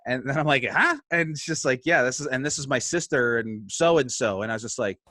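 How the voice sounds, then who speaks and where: A man's voice: mid-range voice, a little fast, dry recording, studio quality. A man telling a story on a casual podcast, swearing freely and acting out the quotes of the people in it. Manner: animated, swearing, acts out quotes. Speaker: podcast guest.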